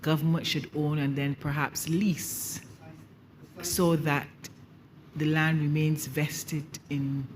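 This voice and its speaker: Slow, deliberate man. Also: fairly high pitch, little pitch movement, a little hiss or hum. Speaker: panel member at a public consultation. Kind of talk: public meeting question.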